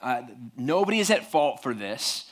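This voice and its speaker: A man's voice: medium pitch, big pitch swings, normal speed. A male pastor preaching a sermon in a conversational way, with many restarts and small acted-out voices.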